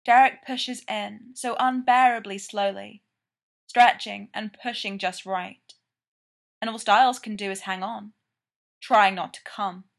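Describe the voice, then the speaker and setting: A woman reading a story aloud, narrating in a slow, measured way. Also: medium pitch, fairly even intonation, gravelly. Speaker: reader of fan fiction.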